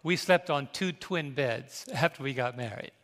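A man's voice: mid-range voice, moderate pace, a bit bright. An older man from New York, a pastor telling a personal, emotional story in a sermon and calling out to his congregation. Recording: reverberant large hall.

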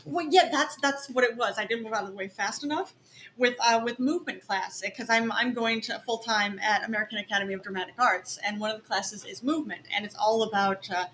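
A woman's voice: fairly high pitch, brisk, fairly bright tone, a little hiss or hum, low-quality recording. A woman who is an acting student, co-hosting a podcast in casual chat, supportive and laughing often. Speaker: podcast co-host.

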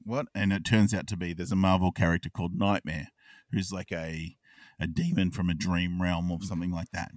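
A man hosting a casual podcast chat, recapping a cartoon episode and acting out the characters' lines in quick asides. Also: low-pitched, a little mellow, no echo, recorded from a distance. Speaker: podcast co-host.

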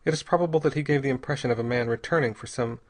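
A man narrating an audiobook chapter in a steady, even reading voice. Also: mid-range voice, rapid-fire. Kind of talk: scripted narration.

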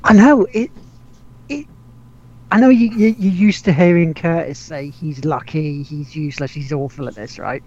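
A man's voice: on the high side, moderate pace, a little mellow. A man hosting a casual gaming podcast, rambling with restarts, laughing and swearing casually. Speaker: podcast host. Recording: dull lo-fi audio.

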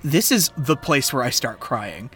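A woman's voice: extremely low pitch, big pitch swings, a little slow, loud music behind the voice. A woman co-hosting a casual chat about a musical, gushing and laughing often. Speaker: podcast co-host.

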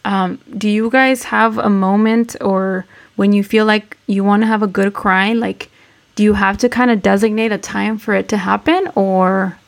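Gravelly-voiced woman co-hosting a podcast. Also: mid-range voice, fairly even intonation. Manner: code-switching between English and Spanish, halting and reflective. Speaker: podcast co-host. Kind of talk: casual chat.

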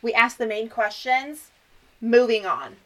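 A young woman co-hosting a casual podcast, chatty and animated. Her voice sits a little on the high side. She leans close into the mic and laughs often. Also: a little slow. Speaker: podcast co-host. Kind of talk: casual chat.

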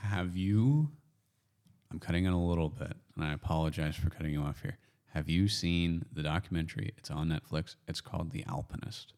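Very deep-voiced Canadian man, rambling chat. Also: a little mellow. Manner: rambling, self-correcting, quick laughs. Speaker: podcast host. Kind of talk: casual chat.

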